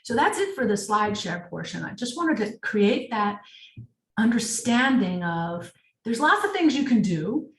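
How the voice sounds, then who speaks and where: A woman coach teaches leadership in an emphatic webinar talk, often asking her audience rhetorical questions. Her voice is mid-pitched. It sounds echoey and a little distant from the mic. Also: very animated, a little slow.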